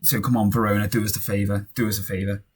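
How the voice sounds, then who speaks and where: A young man casually commentating on his own football management game, cheering and shouting at goals and muttering in tense moments. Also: lowish voice, level tone, fast talker, slightly rough.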